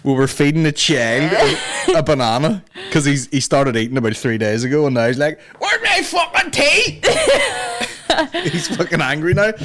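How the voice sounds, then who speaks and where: A man with a medium-pitched voice hosts a comedy podcast against a noisy background. He's animated, joking and swearing in casual banter and acting out silly voices.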